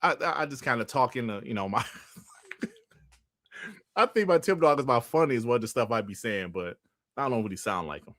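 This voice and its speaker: A man's voice: mid-range voice, animated, moderate pace, pauses often, fairly bright tone, dry recording. Laughing, rambling male streamer. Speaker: host. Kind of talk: casual livestream chat.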